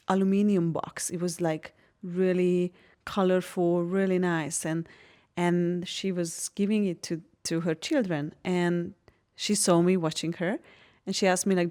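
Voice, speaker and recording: Woman from hungary chatting on a podcast, lowish voice, tells stories with lots of laughs and swings in feeling. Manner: animated storytelling, laughs often, frank and expressive. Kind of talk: casual podcast chat.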